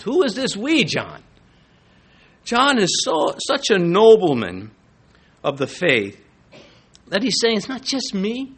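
New preacher guy, animated sermon, kinda high voice. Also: slightly rough. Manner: animated, emphatic preaching with big swings in pitch. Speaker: pastor.

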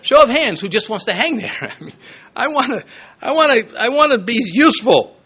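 A male pastor delivers a sermon in a bright, high voice that leaps up and down with energy. He punctuates his points with emphatic bursts and playful asides, then drops suddenly to a softer tone. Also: husky. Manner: animated, emphatic, joking asides with quick swings between loud and soft.

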